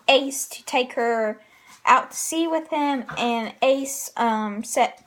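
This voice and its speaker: A woman casually recapping comic chapters, pausing often with fillers. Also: high voice. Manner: hesitant, frequent filler pauses. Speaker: manga reviewer.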